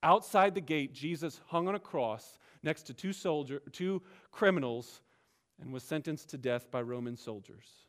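A man's voice: a little high, measured pace. Emphatic preacher man. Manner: emphatic, explanatory preaching with rising and dropping delivery. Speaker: pastor. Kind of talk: sermon. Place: church sanctuary.

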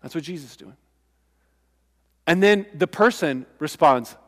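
Pastor, man, slightly high voice, conversational emphatic sermon, long hall reverb. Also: lively intonation, unhurried, pauses often. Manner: conversational, emphatic preaching with asides.

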